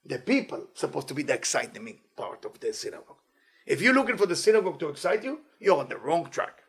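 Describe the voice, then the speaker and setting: A man giving a weekly inspirational Torah talk as a teacher, animated and playful, in non-native English phrasing. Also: on the high side, quick pace, slightly rough.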